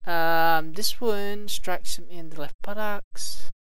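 A man's voice: high voice, steady tone, slow, a bit bright, clean tone, dry recording, rough recording. A man commentating a video game, reading its combat log aloud and adding casual remarks. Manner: reads game text aloud with casual asides. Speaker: let's play commentator.

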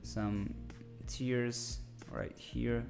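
A man's voice: mid-range voice, flat delivery, extremely slow, vocal fry, over music. Chatty man teaching a live design lesson. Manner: chatty, addresses viewers as "my friend", many fillers and restarts. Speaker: host of a live design tutorial stream. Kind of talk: casual live-stream lesson.

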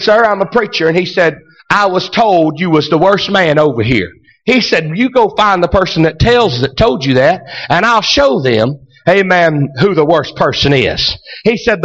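A man preaching a sermon, telling a story that builds to shouted exclamations. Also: high-pitched, highs cut off. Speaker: pastor.

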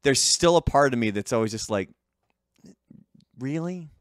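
A man's voice: medium pitch, lively intonation, fast, clear, resonant tone, no echo, studio quality. A man, a podcast co-host, talking in a laid-back, profane way in casual chat.

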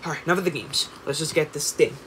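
A woman voicing a sneaky male elf thief who talks low, gruff and impatient. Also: fast, slight background noise, close to an everyday voice.

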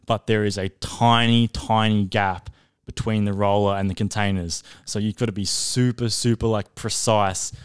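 A young man co-hosting a podcast tells a long, sweary story in a laid-back way, laughing as he goes. His voice is lowish, steady and smooth, at a moderate pace, picked up by a podcast studio mic.

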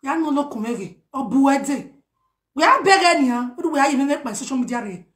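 A woman with a Nigerian accent delivering a heated, animated message to camera, mixing pidgin with a local language. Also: high-pitched, fairly quick. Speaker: social media personality. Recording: roomy echo.

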